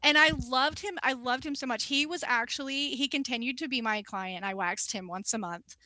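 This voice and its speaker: A young woman talks through a story from her salon days in an animated, casual way, swearing freely and acting out the people she quotes. Her voice is bright and sits a little high. The recording is close and dry. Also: normal speed, dry recording. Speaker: guest, wax specialist.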